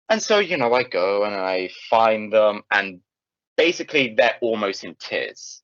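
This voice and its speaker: A young man telling a casual anecdote in an animated way, swearing freely and often restarting his sentences. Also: lowish voice, measured pace, no room sound. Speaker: storyteller. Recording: dull, lo-fi, dry sound.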